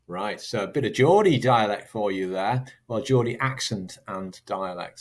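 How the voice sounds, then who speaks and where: A man's voice: fairly low pitch, moderate pace, hardly any pauses. A man teaching a recorded lesson, chatty and asking his students rhetorical questions. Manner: chatty, asks rhetorical questions, acts out sample accents.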